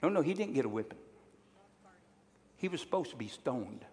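A man's voice: medium pitch, sing-song, moderate pace, a little mellow, in a large hall. A male pastor preaching a sermon, emphatic and drawing call-and-response from his congregation.

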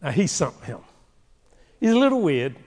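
A male preacher delivering a sermon with humorous, animated storytelling, recorded in a large hall with a long reverb. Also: a little high, fairly quick.

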